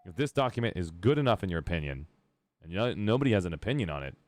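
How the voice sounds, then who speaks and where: A man's voice: low-pitched, very animated, racing, heavy background noise. A man hosting a live gaming stream, chatting casually and rambling with jokes. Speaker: streamer host.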